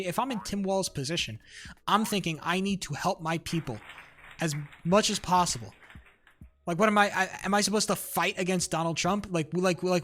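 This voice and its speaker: A young man talks on a livestream in a somewhat high voice, ranting with heat and swearing freely. He trips over restarts and fillers as he goes. Faint music plays behind him. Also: fairly bright tone. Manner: rambling, heated, many fillers and restarts, swears. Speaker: streamer. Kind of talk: casual livestream rant.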